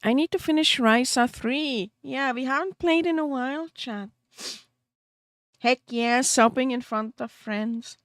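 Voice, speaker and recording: A woman's voice: high voice, fairly bright tone, dry recording. A woman VTuber streamer chatting casually with her viewers, giggly and openly emotional, laughing often and rambling with small restarts.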